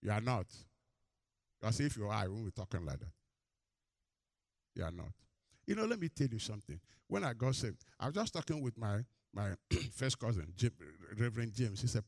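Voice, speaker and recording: A man's voice: a little fast, no room sound. A male pastor preaching a sermon. He has the congregation finish verse lines and tells stories with rising energy. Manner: animated storytelling, climbs high and loud in anecdotes.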